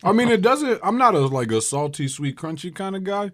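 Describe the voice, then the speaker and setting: A man chatting casually while taste-testing snacks with co-workers, throwing in quick jokes. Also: high-pitched, big pitch swings, a bit bright. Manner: joking, quick one-liners. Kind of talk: casual chat.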